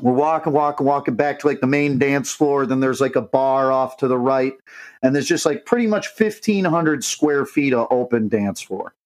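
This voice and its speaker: A young man co-hosting a podcast tells a long, rowdy story in casual talk full of swearing, acting out the voices of the people in it. His voice sits in the mid-range and moves at a moderate pace. The recording is rough, and his delivery is profane and animated.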